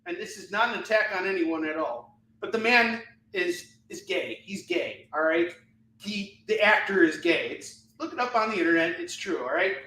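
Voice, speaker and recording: A man hosting a live comic-selling stream, animated and ranting, often breaking into laughter. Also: sits high, far from the mic. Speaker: live shopping show host selling comics. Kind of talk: live-stream sales chat and rant. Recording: echoey room.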